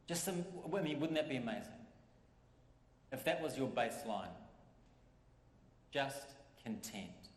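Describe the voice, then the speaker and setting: A man preaching a sermon as pastor, in a conversational way that repeats phrases for emphasis. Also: on the high side. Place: church. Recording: echoey church hall.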